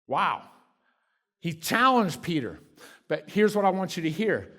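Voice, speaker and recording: Man preaching, slightly high voice. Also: sing-song, a little slow. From Kentucky. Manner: conversational preaching with sudden drops to a soft hush. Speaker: guest preacher. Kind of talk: sermon. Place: church sanctuary.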